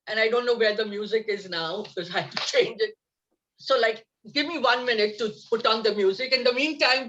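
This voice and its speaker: A woman with a bright, ringing tone guides a laughter yoga class, upbeat and coaxing, breaking into laughs as she goes. Her voice sits a little high. It comes through dull, lo-fi video call audio. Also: brisk.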